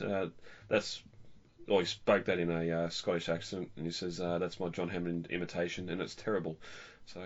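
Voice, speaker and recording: A man's voice: low voice, animated, normal speed. A man co-hosting a podcast, chatting casually and rambling with restarts. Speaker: podcast co-host. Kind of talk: casual film discussion. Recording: dull lo-fi audio.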